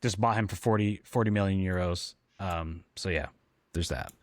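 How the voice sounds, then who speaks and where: He has a deep voice and a moderate pace, captured in a dry, studio-quality recording. Co-hosting a casual football podcast, he comes across as hesitant, often saying um and starting sentences over.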